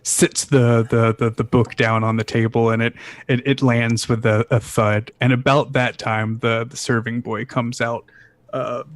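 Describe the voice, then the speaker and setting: A man's voice: mid-range voice, no echo. A man narrating as game master of a tabletop game, stumbling and restarting as he describes scenes. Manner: rambling, many restarts.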